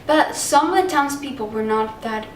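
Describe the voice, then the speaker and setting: Woman, fairly high voice, chatty film review, distant mic, echoey room, faint hiss. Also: normal speed. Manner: chatty, animated, acts out quotes in high voices. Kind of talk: casual vlog review.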